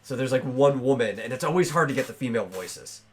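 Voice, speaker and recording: A man's voice: medium pitch, lively intonation, fast, a crowd in the background. A man hosting a casual podcast, talking loosely with lots of fillers and restarts. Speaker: podcast host.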